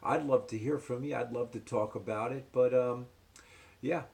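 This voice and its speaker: A man's voice: mid-range voice, fairly even intonation, moderate pace, creaky, darkish tone. Older guy from new jersey talking earnestly into the camera, lots of ums, hammers his points home. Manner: earnest, repeats points for emphasis, many fillers. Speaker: ministry host. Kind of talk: casual commentary to camera.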